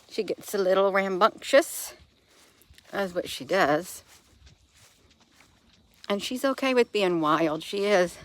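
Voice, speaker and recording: A middle-aged woman vlogging in a rambling, casual way, cooing fondly at her pet cat between remarks. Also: mid-range voice. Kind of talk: casual vlog chat.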